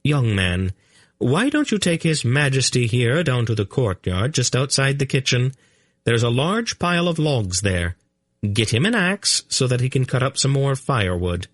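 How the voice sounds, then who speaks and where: A man voicing a calm, firm older woman who speaks carefully to a flustered young man. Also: medium pitch, moderate pace, no room sound, studio quality, pitched above the performer's own voice. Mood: calmly firm. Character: calm, commanding older woman, a wise aunt. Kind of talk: audiobook character voice.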